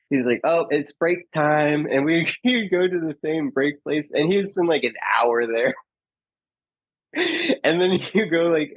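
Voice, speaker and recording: A man's voice: medium pitch, no echo. A man telling stories as a podcast guest, chatty and full of fillers, laughing often and acting out quotes. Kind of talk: casual storytelling. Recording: dull lo-fi dry sound.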